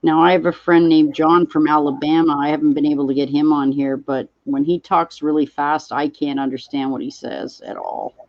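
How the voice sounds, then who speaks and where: A woman's voice: low voice, little pitch movement, normal speed, hardly any pauses, no room sound. Woman, live-stream host, casual chat, reads viewer comments, dry close sound, muffled lo-fi audio. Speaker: livestream host.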